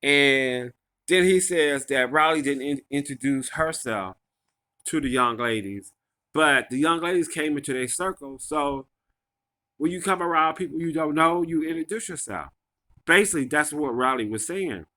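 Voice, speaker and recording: A man's voice: on the high side, moderate pace, sharp tone. A man casually recapping a reality show episode, rambling and gossipy, full of fillers and restarts.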